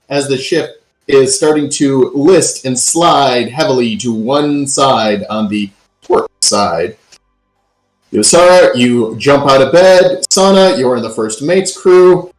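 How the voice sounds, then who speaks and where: A man's voice: mid-range voice, lively intonation, slow, soft background music. A man running a tabletop game as game master, narrating the story and recapping with dramatic emphasis and the odd um. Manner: dramatic recaps with filler ums. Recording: roomy echo.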